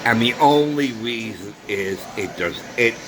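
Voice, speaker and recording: A man's voice: mid-range voice, animated, measured pace, poor audio. A man talking through a personal grievance in a vlog monologue, earnest and repetitive, sometimes searching for words. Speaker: vlogger.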